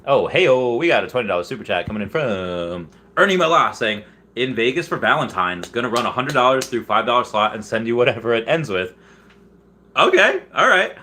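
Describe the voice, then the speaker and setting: Reading viewers' comments on a casual livestream, a man talks fast with lively intonation over a faint hiss or hum. His rambling is full of laughs and restarts, and quotes come out in high, loud put-on voices.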